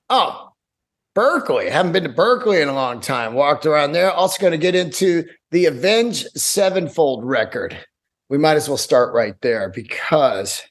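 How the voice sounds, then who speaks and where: A man's voice: a little high, gravelly. A man hosting his own podcast, talking alone in a loose, rambling way, swearing casually and breaking off mid-thought. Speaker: podcast host. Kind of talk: casual solo podcast talk with a read sponsor ad.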